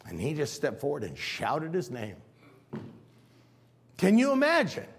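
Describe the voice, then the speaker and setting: A pastor preaching a sermon in a church, acting out scenes and swinging between hushed and loud. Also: male voice, a little high, wildly swooping pitch, unhurried, husky.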